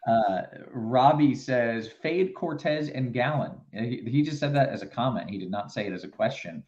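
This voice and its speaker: A man's voice: mid-range voice, normal speed, darkish tone. A man hosting a casual live stream, reading viewer questions aloud to his guests. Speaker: host. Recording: dull lo-fi stream audio.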